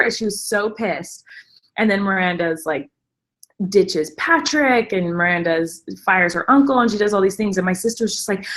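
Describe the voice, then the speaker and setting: A woman's voice: lowish voice, moderate pace, a bit bright. A woman hosting a casual live stream, talking at length in an enthusiastic, rambling way with many fillers.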